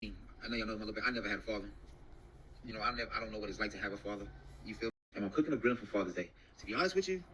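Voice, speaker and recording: A man chatting and joking loudly on a casual livestream. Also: lowish voice, rapid-fire, slight background noise, rough recording.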